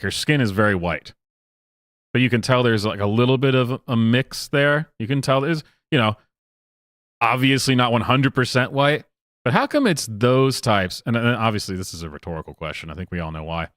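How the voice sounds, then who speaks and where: A man hosts a live stream and riffs in a loose, mocking, rambling way. His pitch swings widely as he talks. The sound is dry and close, with no room around it. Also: a bit bright, dry recording. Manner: rambling, mocking, with frequent laughs and filler. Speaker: streamer host. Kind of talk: casual live-stream commentary.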